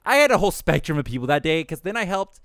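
A young man, co-hosting a podcast and telling animated, profane stories about his retail job, acting out the people in them. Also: on the high side, fast, no room sound, studio quality. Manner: animated, profane, acts out quoted dialogue. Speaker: podcast co-host. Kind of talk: casual chat, storytelling.

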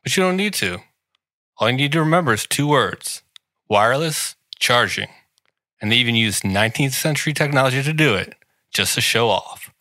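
Bright-voiced man in a mock-grand ad read. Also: mid-range voice, animated, a little fast, dry recording. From Washington, D.C. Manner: sarcastic, mock-grandiose, teasing the listener. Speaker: podcast host reading an ad. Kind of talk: comedic ad read.

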